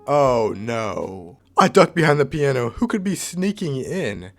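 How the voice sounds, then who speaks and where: A young man reading a story game aloud, reacting with excited outbursts and laughter. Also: mid-range voice, measured pace, gravelly, soft background music. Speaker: gamer playing a story game.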